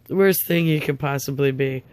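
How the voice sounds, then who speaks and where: A woman's voice: extremely low pitch, moderate pace, darkish tone, smooth. An older woman telling a story in a rambling, upset way, with stumbling restarts and bitter, sarcastic laughs. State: upset, tongue-tied. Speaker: vlogger. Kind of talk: casual storytelling monologue.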